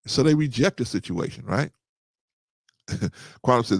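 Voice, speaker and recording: A man's voice: mid-range voice, unhurried, pauses often, no echo, studio quality. A man, in his thirties or older, hosting a casual talk and telling a story, often tagging lines with "man" and "right?". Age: 30s or older. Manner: animated, repeats "man" and "right?", quotes others. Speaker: podcast host.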